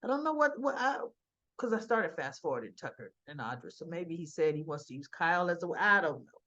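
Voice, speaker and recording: A woman's voice: fairly low pitch, expressive, fairly quick, fairly bright tone. A woman giving a chatty, rambling recap of a soap opera episode, slipping in quotes from the characters as she goes. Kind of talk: casual recap chat. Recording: dull lo-fi recording.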